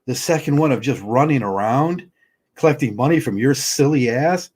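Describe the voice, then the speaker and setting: Husky man ranting heatedly. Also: mid-range voice, expressive, normal speed, a little mellow. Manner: heated, stammering restarts, blunt. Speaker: livestream host. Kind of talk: ranting livestream commentary.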